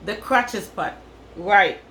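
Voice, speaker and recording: A woman's voice: mid-range voice, animated, slow pace, a bit bright, reverberant, slight background noise, low-quality recording. A woman from Africa, telling a crude story in a casual vlog and repeating phrases for effect. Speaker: vlogger.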